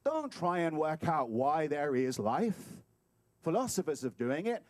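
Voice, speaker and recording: Guest preacher, male, tenor-ish, dry close sound, playful and animated delivery. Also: a little high, unhurried, no echo. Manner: animated and playful, acts out scenes. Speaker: guest speaker at a spiritual center. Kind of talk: sermon. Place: talk hall.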